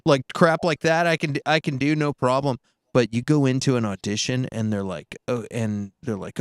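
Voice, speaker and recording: A man's voice: mid-range voice, fairly quick, smooth, no room sound, studio quality. A man who works as a voice actor, chatting casually and telling stories with lots of restarts. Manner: rambling storyteller, many restarts, slips into voices. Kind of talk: casual chat.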